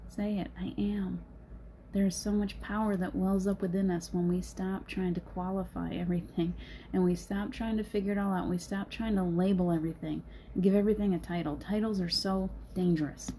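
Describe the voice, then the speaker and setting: A woman's voice: medium pitch, steady tone, a little fast, mellow, a little hiss or hum. A middle-aged woman hosting a casual motivational talk, earnest and encouraging, laughing often. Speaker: host.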